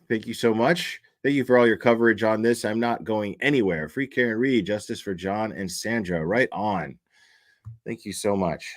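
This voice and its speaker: Male stream host, lowish voice, loose, swears a lot, reads chat. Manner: chatty, profane, thanks donors by name. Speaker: livestream host. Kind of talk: casual livestream commentary.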